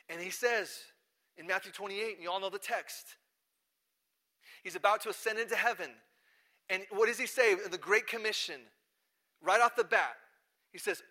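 Bright high-voiced male preacher. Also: moderate pace, pauses often. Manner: animated preaching, acting out quoted voices. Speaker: pastor. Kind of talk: sermon.

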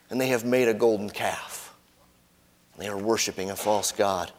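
Preaching man in a reverberant hall. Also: a little slow. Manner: expressive, rising for quoted voices and dropping low and soft at phrase ends. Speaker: pastor. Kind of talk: sermon reading and explaining scripture.

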